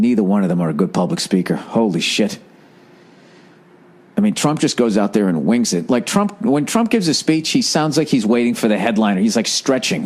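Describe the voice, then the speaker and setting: A man's voice: medium pitch, a little mellow. A man hosting a podcast alone, ranting in a profane, sarcastic, rambling way. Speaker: podcast host. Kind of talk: solo ranting monologue.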